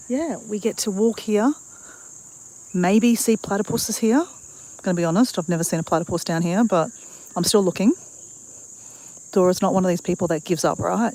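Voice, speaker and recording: A woman's voice: mid-range voice, darkish tone, rough recording. Bubbly live-stream host, woman, talking into a handheld phone outdoors. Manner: bubbly, chatty, laughs often. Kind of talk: casual live-stream vlog. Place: outdoor boardwalk in bushland.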